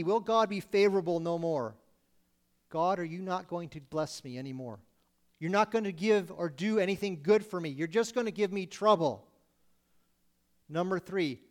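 A man preaching a sermon, earnestly voicing pleading questions to God. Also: high-pitched.

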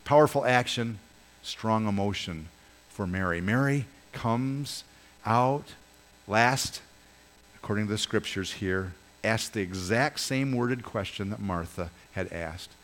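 A man preaching a sermon as pastor, earnest, swelling and dropping his voice for emphasis and speaking straight to his congregation. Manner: earnest, rises and falls in pitch and volume for emphasis; addresses congregation directly, asks them to join in.

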